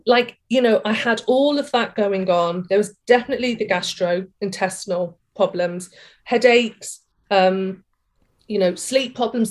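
Chatty woman in her 40s, interview guest, animated storyteller who voices her own past thoughts. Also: medium pitch. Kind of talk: candid personal story in a podcast interview.

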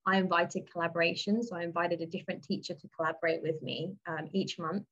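A woman's voice: fairly low pitch, fairly even intonation, quick pace, fairly bright tone, highs cut off. A woman from England chatting casually in a podcast conversation, rambling with many restarts.

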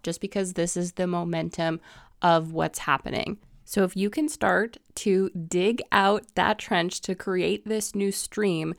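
Gravelly-voiced woman podcast host. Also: fairly low pitch, no echo, studio quality. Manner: chatty, motivational, leans on "like" and "so". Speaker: podcast host and real estate coach. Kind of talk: upbeat podcast monologue.

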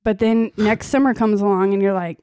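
A woman's voice: mid-range voice, steady tone, fairly quick, a little mellow, clear, resonant tone, no room sound, clean studio sound. A middle-aged woman co-hosting a podcast, chiming in and plainly explaining things to listeners. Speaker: podcast co-host. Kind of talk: casual chat.

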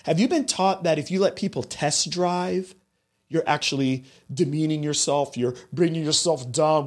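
A man's voice: fairly high pitch, normal speed. A man hosting a podcast, telling a story in a monologue and talking straight to his listeners. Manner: animated storytelling, addresses listeners directly. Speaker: podcast host.

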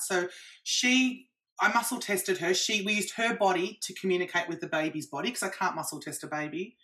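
A woman practitioner, a guest in an interview, explaining her methods in an animated way with examples. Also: fairly low pitch, fairly quick.

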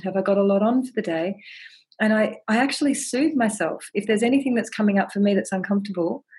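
A woman speaking as a podcast guest, sharing her practice in a gentle, earnest, reflective way and often repeating words as she thinks. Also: mid-range voice, slightly rough. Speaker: podcast guest, ceremony holder.

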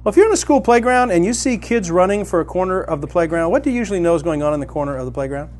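A middle-aged man preaching a sermon as a pastor, telling a personal story and climbing to loud, excited emphasis. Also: high voice, very fast.

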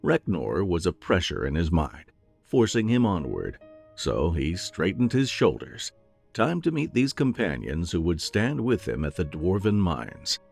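A man narrating a fantasy audiobook in an expressive storytelling manner. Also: low voice, measured pace, vocal fry, soft background music.

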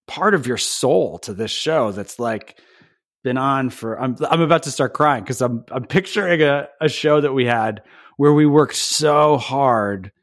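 A man's voice: mid-range voice, no echo, clean studio sound. A man, a TV show creator, talking earnestly and emotionally as a podcast guest, often restarting his sentences. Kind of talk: conversational podcast interview.

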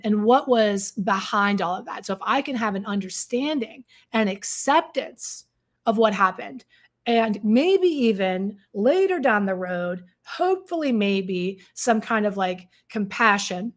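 A woman coach speaking frankly and earnestly, telling a personal story with many fillers and restarts. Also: mid-range voice. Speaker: codependency coach.

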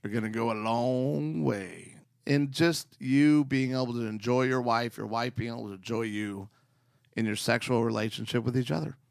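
A man's voice: medium pitch, normal speed, creaky, no echo, clean studio sound. A man co-hosting a marriage podcast, chatting casually and playfully with his wife and joking as he tells a story.

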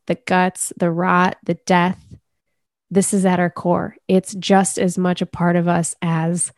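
A woman coach speaking as a podcast guest, earnest and measured as she talks about inner healing. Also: on the low side, a little mellow, no echo, clean studio sound. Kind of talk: reflective conversational interview.

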